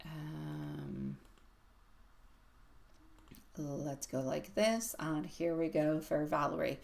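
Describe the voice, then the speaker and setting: A woman's voice: low voice, expressive, extremely slow, creaky, darkish tone. A woman reading tarot on a live stream, chatty and affectionate, laughing often and calling viewers sweetie pie. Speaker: tarot reader.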